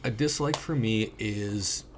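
A man's voice: lowish voice, slow, noisy background. A young man rambling casually and swearing now and then while reviewing a movie with a friend.

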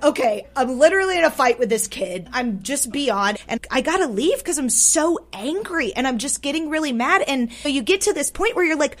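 A woman telling a personal story as a radio guest, swinging between loud and hushed, often repeating words for emphasis. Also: high voice, animated, normal speed. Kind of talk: personal story told aloud. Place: radio studio.

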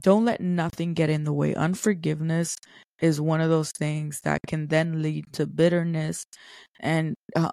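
A woman's voice: low voice, a little mellow, no room sound. A woman hosting a faith podcast, reading scripture aloud and explaining it in an earnest, conversational way. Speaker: podcast host.

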